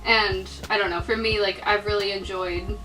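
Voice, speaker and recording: A woman's voice: mid-range voice, level tone, moderate pace, bright, forceful tone. A teenage girl on an exchange, talking casually in a chatty way with a lot of filler words. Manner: chatty, giggly, lots of fillers. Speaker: vlogger, exchange student. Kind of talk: casual chat. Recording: roomy, from far off, music behind.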